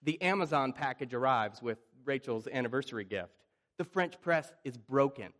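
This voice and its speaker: A middle-aged man preaching a sermon as pastor, animated and conversational, often acting out panicked voices and restarting his phrases. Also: medium pitch, normal speed.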